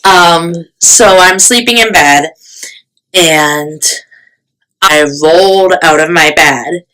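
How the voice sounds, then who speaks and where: A woman's voice: on the low side, takes it slowly, pushed and bright, low-quality recording. A young woman vlogger telling a storytime in casual, chatty talk, full of fillers and self-mocking asides.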